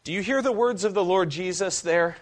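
A male pastor preaching a sermon, reading scripture aloud and asking the congregation questions, slowing down for emphasis. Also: high-pitched.

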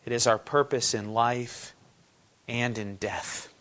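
A man's voice: mid-range voice, slow, a bit bright. A pastor preaching a sermon, asking his congregation questions and putting scripture into everyday language. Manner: conversational preaching with paraphrased asides.

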